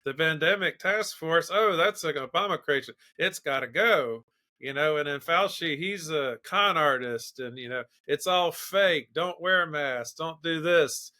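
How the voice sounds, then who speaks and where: A man with a fairly high, bright and forceful voice debating politics on a podcast. He jumps in with short rebuttals and chuckles at his opponent's points. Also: unhurried. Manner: interjecting, laughs at his opponent. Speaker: podcast co-host.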